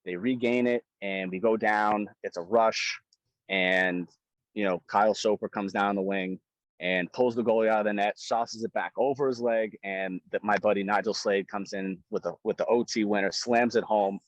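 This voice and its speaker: A young man with a low, deep voice tells a game story in loose, casual speech. He gets swept up, swears freely and repeats himself for emphasis. The recording is dry and close, with little room sound. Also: normal speed, dry recording, rough recording. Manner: excited, swears, repeats phrases. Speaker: guest, pro hockey goaltender.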